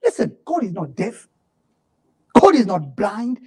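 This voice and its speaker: A man preaching a sermon, swinging between fervent shouts and low, drawn-out murmurs. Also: wildly swooping pitch.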